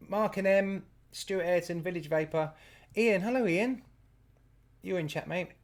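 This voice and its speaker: A man's voice: high-pitched, measured pace. Chatty man hosting. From England. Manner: reads out viewer names, chatty and laughing. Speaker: host. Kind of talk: casual live-stream chat.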